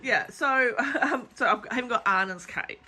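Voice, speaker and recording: A woman's voice: fairly high pitch, normal speed, sharp tone. A woman from New chatting casually and playfully on a shop vlog. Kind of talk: casual chat. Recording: faint background noise.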